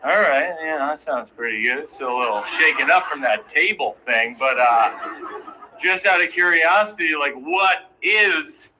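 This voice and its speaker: A man's voice: a little high, a little slow. Self-deprecating man doing stand-up. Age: 30s. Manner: self-deprecating, anxious, animated storytelling. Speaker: stand-up comedian. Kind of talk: stand-up comedy storytelling. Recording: dull, noisy live recording.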